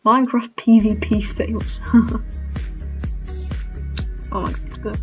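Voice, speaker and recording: A woman's voice: on the high side, fairly even intonation, brisk, faint music behind. A woman giving casual reaction commentary as a gaming YouTuber, who keeps exclaiming, cringing and laughing at herself.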